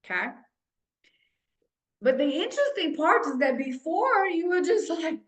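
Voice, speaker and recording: Female fitness coach on a group call, fairly high, animated, roomy room sound. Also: moderate pace. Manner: animated, talks to the group with frequent "right?" check-ins.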